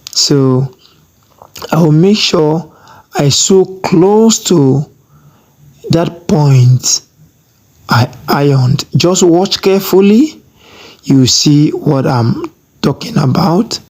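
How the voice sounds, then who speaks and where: A sewing tutor walks through a fabric project step by step at an unhurried pace. The speech is instructive and emphatic, with a habit of pausing to ask whether the viewer has seen each move. The pitch sits in the middle range. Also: animated, a little mellow. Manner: slow, repeats "have you seen?" often.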